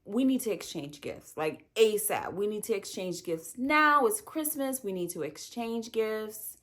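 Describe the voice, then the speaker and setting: A woman voicing an excited young wife, gushing and breathless as she retells a story. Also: mid-range voice, a little slow.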